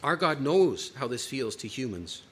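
Emphatic male preacher, lively pitch. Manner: emphatic, varied delivery with dramatic pauses. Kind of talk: sermon.

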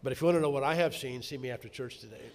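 A middle-aged male pastor preaching a sermon, telling stories and swinging from quiet asides to loud emphatic bursts. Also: mid-range voice, very fast, a little hiss or hum.

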